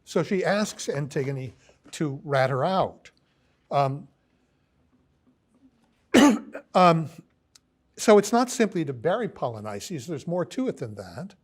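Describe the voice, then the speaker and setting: A man giving a philosophy lecture, pausing often with ums and restarts as he reads quoted lines aloud. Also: on the high side, sing-song, husky. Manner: halting, many ums and restarts.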